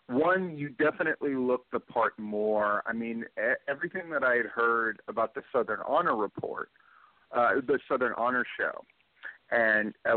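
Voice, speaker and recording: A man's voice: mid-range voice, no room sound. A middle-aged man hosting a podcast, rambling and opinionated in casual chat. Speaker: podcast host. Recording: tinny phone-like line.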